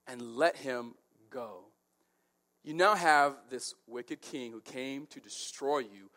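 A male preacher giving expository Bible teaching, animated and acting out the story in voices. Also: mid-range voice.

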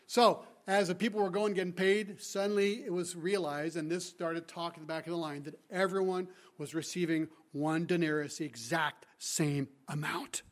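Animated preacher man, rhetorical questions. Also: fairly high pitch, normal speed, hardly any pauses. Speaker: guest preacher. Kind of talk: expository sermon.

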